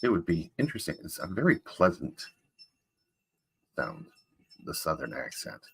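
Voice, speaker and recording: In full character as jolly old Santa Claus, a man rambles warmly from the workshop in a low, husky voice, greeting children. His pitch swings hugely up and down as he chats at a moderate pace, loose and casual like talking to kids, with lots of folksy asides.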